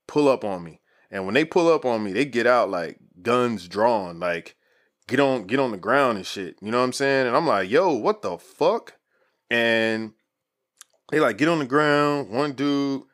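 Speaking in a mid-range, fairly bright voice, this man in his thirties relaxes into a slangy story. "Like" crops up constantly as filler.

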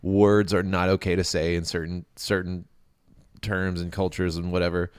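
A man's voice: deep voice, level tone, clean tone, no room sound, clean studio sound. A young man co-hosting a podcast, chatting casually and then reading a story aloud with stumbles and restarts. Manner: halting, with many restarts while reading. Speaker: podcast co-host.

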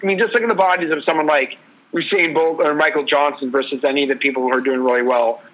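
Guy on a sports talk show, bright forceful voice, a bit high, rambling stories. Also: fairly even intonation, fast, poor audio. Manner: storytelling, loose and rambling. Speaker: podcast co-host. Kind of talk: casual sports chat.

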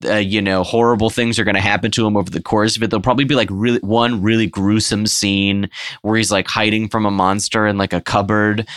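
A man co-hosting a comedy podcast, riffing an improvised pitch in a rambling, filler-heavy way. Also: flat delivery, a little fast, a bit bright, no room sound, clean studio sound. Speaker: podcast co-host.

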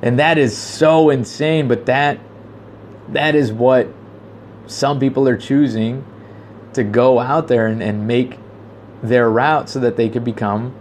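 A man giving a casual commentary monologue, rambling with frequent fillers and restarts, growing animated when he retells a story. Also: mid-range voice, slow, a little hiss or hum.

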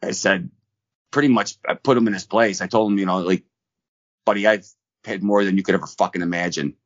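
Casual podcast co-host, male, rapid profane storyteller, slightly low voice, dull dry recording. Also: no echo. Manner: fast, profane, rambling with restarts.

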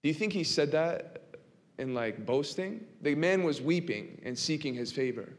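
A man preaching a sermon in a church, swinging from hushed to impassioned and asking the congregation rhetorical questions. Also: on the high side, lively intonation, normal speed. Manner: dramatic, swinging from quiet to impassioned. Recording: long reverb of a large hall.

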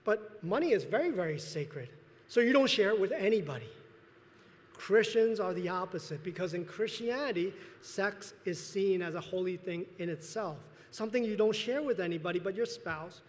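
High-voiced man preaching in a reverberant church. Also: expressive. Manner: earnest preaching with pauses and restarts. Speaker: pastor. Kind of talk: sermon. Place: church sanctuary. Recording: long hall reverb.

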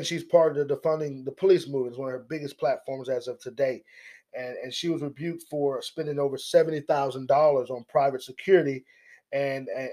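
A man hosting a political commentary monologue, animated and mocking, often repeating his words. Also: medium pitch. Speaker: commentary host.

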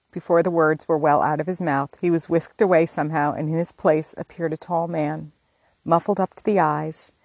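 A woman narrating a classic novel chapter in a measured, expressive storybook reading. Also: medium pitch, dry recording. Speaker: audiobook narrator. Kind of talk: scripted narration.

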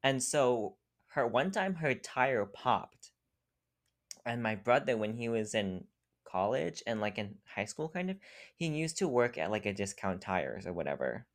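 A young adult co-host chats on a casual podcast, spinning a loose anecdote at a middle pitch. The telling wanders, packed with fillers, and breaks into laughter often. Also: very animated, unhurried. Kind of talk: casual chat, storytelling.

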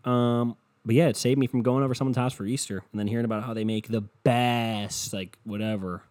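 A man's voice: medium pitch, fairly even intonation, brisk, hardly any pauses, darkish tone. A young man hosting a solo podcast from his bedroom, ranting in a profane, sarcastic, rambling way into a computer mic. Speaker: podcast host. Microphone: desktop computer mic.

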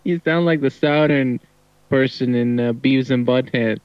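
A man co-hosting a casual podcast, talking haltingly with many pauses and restarts. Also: medium pitch, clear, resonant tone, no echo. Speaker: podcast co-host. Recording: dry muffled lo-fi sound.

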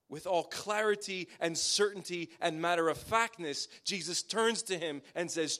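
A male preacher with a fairly high-pitched voice delivers a sermon in dramatic waves. He pushes phrases up with force, then lets them sink to a near-hushed close. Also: moderate pace, few pauses.

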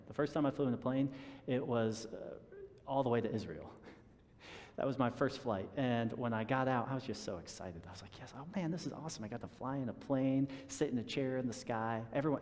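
A man preaching a sermon in a relaxed conversational way, chuckling at his own stories and often restarting his sentences. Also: medium pitch, long reverb tail. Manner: conversational, self-deprecating with chuckles and repeated restarts. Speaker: pastor.

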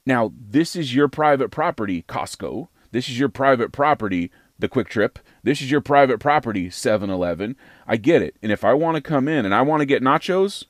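Brief: American male podcast host, lively swooping delivery, emphatic and rhetorical, dry close sound. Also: mid-range voice, no echo. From United States. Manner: emphatic, rhetorical, repeats phrases for effect. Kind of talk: opinionated podcast monologue.

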